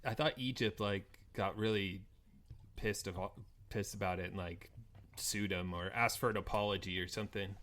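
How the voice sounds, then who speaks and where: A man's voice: lowish voice, steady tone, normal speed, a bit bright. A man co-hosting a film podcast, mostly reacting with short comments and laughter in casual chat. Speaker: podcast co-host.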